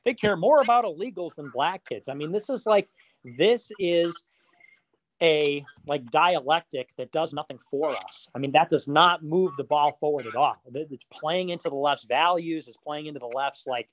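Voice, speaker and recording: A man's voice: fairly high pitch, moderate pace. A man hosting a casual podcast chat, rambling and profane, with frequent fillers and mocking asides.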